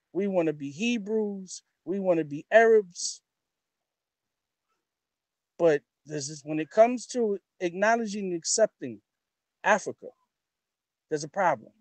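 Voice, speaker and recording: A man's voice: on the high side, no echo. A man talking as a guest on a talk show, emphatic and repetitive, building his points through rhetorical questions. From New York. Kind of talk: impassioned talk-show commentary.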